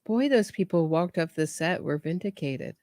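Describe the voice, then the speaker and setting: A woman's voice: on the low side, lively intonation, moderate pace, dark tone, dry recording. A woman commentating on trial footage in a chatty way, often restarting and trailing off mid-thought. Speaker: true crime commentator.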